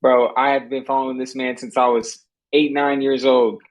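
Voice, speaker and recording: A young man chats casually on a podcast in a loose, slang-heavy way, telling his side without hurry. His voice sits at a middle pitch. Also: normal speed, low-quality recording. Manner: relaxed, slangy, loose storytelling. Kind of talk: casual chat.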